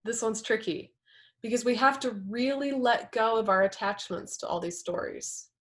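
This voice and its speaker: A woman's voice: fairly high pitch, moderate pace. Woman leading a relationship workshop. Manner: conversational, acts out example quotes. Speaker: workshop presenter. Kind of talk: live workshop talk.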